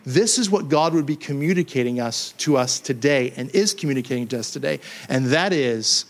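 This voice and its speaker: A man preaching a sermon in an animated way, dropping to hushed lows and rising to emphatic highs. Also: fairly quick, hardly any pauses. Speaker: pastor. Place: church hall.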